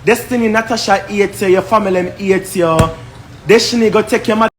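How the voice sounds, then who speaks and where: High-voiced Jamaican man ranting. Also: fairly even intonation, a little fast, noisy background. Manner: confrontational, repetitive, scornful. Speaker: live streamer. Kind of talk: heated live-stream rant.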